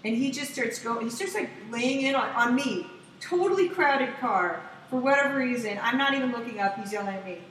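A woman telling a story in casual chat, excitable and profane, acting out what people said in loud voices. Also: on the high side, brisk. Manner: profane, excitable, acts out quotes loudly. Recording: echoey room, distant mic, faint noise.

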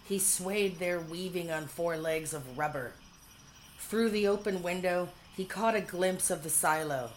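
A woman narrating a whimsical storybook in a measured, dryly humorous way. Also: fairly low pitch, slight background noise, low-quality recording.

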